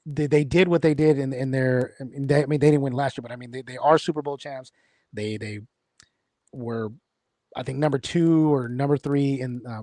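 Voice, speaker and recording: A man's voice: mid-range voice, a little mellow, dry recording, clean studio sound. A man hosting a casual sports talk show, rambling with lots of fillers and restarts. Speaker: podcast host.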